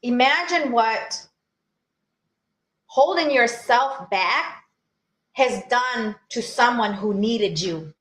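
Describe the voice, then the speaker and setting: A woman's voice: on the high side, animated, slow pace, long pauses, a bit bright, roomy sound. A woman co-hosting a podcast over a video call, talking in an earnest, encouraging way and laughing easily. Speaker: podcast co-host. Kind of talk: casual chat.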